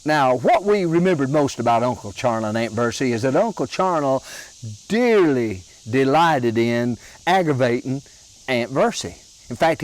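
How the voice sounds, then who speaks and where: A man telling comic family stories in a slow, folksy, drawn-out way. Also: on the high side, darkish tone, low-quality recording. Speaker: storyteller comedian.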